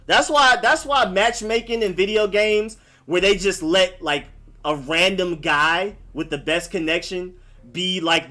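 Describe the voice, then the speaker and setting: Hosting a casual live stream, a young man from Maryland who grew up in Atlanta chats with viewers in a loose, slangy style, saying "like" and "y'all" a lot. His voice is high with a sharp tone.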